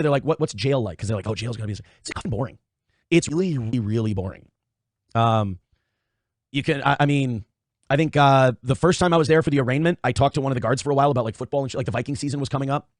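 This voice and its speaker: A livestream host, an adult father of young children, reads out viewer donations and rambles casually, swearing and interrupting himself. His medium-pitched voice is recorded with studio quality and no room sound.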